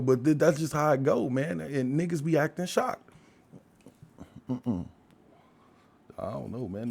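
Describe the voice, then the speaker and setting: An older man hosting a podcast, talking through a loose and profane monologue with frequent laughs. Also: medium pitch. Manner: profane, rambling, animated, laughs often. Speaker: podcast host. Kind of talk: casual monologue.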